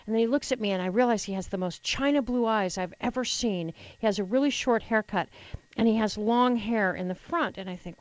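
A middle-aged woman radio host telling a personal story in a reflective, halting way, often restarting and repeating words. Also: a little high, dry recording, low-quality recording.

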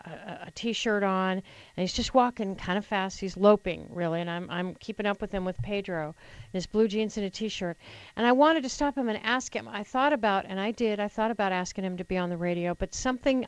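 A middle-aged woman radio host tells a personal story, pausing often and circling back over her own words. Her voice is smooth and clear, and the recording is dry and close. Her pitch sits in an ordinary middle range. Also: no room sound, low-quality recording. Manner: reflective, halting, with frequent restarts and repeated words.

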